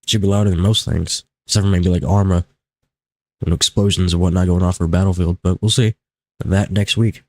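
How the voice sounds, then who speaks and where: Still in his morning voice, this young streamer mutters loose, rambling self-talk as he plays live. He speaks brisk and steady in a low, darkish tone, recorded on a home desk mic with no room sound.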